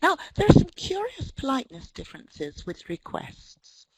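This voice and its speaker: This middle-aged woman from Britain, an English teacher trainer presenting a webinar, talks wryly and anecdotally about language with lots of ums. Her high voice swings hugely in pitch at a moderate pace, and the recording is low quality.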